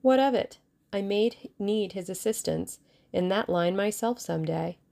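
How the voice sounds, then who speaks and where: A woman voicing a calm, scornful female schemer who speaks lightly and coolly in an audiobook. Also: medium pitch, measured pace, gravelly.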